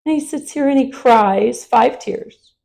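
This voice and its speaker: A woman leading a children's yoga story in a gentle, questioning way. She talks slowly, with a gravelly fry in her voice. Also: fairly high pitch. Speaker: kids yoga teacher.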